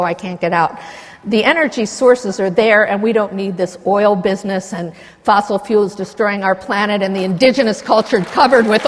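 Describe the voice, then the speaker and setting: An older woman giving an impassioned conference lecture, digressive and full of indignant asides. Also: mid-range voice. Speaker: conference speaker. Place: lecture hall with long reverb. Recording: reverberant hall recording.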